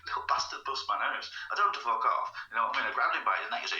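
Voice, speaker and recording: A man's voice: medium pitch, big pitch swings, a little fast, pushed and bright, reverberant, recorded from a distance, lo-fi sound. A man from England telling a long personal story in casual, rambling speech, swearing freely and often slipping into half-whispers. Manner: rambling, swears casually, frequent "you know what I mean", drops into half-whispers. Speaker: vlogger.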